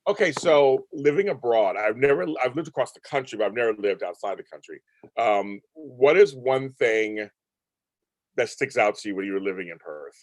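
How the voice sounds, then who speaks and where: Male host, animated pitch, dry close sound, chatty and rambling with lots of repetition. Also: normal speed, dry recording. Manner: enthusiastic, rambling, repeats himself. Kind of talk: casual interview chat. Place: Los Angeles.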